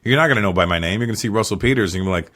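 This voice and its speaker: A middle-aged comedian from Canada, telling profane stories in a casual chat and acting out what people said. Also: male voice, fairly low pitch, fairly bright tone. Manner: fast, profane storytelling with acted-out quotes. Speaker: comedian guest.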